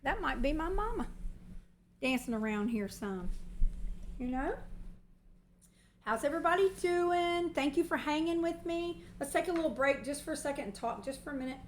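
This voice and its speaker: A woman's voice: sits high, animated, moderate pace, pauses often, echoey room, a little hiss or hum. A woman, hosting a casual cooking livestream from her home kitchen and talking in a long-winded, folksy way. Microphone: mic set on the counter.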